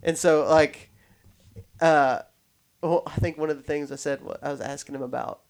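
A man hosting a podcast, telling stories in a rambling, animated way with many restarts. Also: fairly high pitch, moderate pace. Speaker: podcast host. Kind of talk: casual podcast chat.

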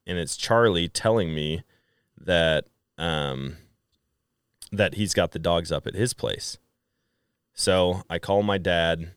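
Deep-voiced man telling a lively story. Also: clean tone, dry recording, clean studio sound. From Wisconsin. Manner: animated storyteller acting out quoted dialogue. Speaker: podcast guest. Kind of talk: casual storytelling chat.

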